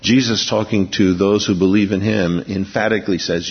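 A man's voice: low-pitched, steady tone, normal speed, hardly any pauses, breathy edge. A man preaching a sermon to a large congregation, speaking emphatically and dramatizing the scripture he reads. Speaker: pastor. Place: large church auditorium. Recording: dull, echoey recording of a big church hall.

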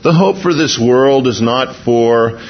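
Pastor, male, husky voice, conversational sermon delivery, dull lo-fi radio sound. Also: medium pitch, slow pace. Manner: conversational, with restarts and chuckles. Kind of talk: expository sermon.

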